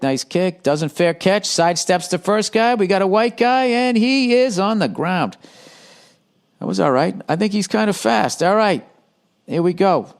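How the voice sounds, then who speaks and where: Profane, rambling man hosting a podcast. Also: fairly low pitch. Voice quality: profane, rambling, with sudden excited outbursts. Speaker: podcast host. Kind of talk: casual solo podcast monologue reading listener letters.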